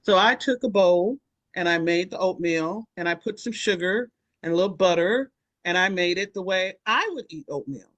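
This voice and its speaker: A woman being interviewed for an oral history, telling a personal story in a deliberate way with drawn-out pauses. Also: on the low side, a bit bright, dry recording.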